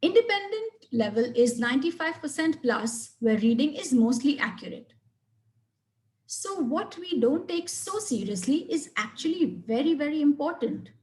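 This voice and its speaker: Woman teaching a webinar, higher voice. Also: sing-song, a little mellow. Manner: clear, measured explanation with stressed example sentences. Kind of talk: webinar lecture.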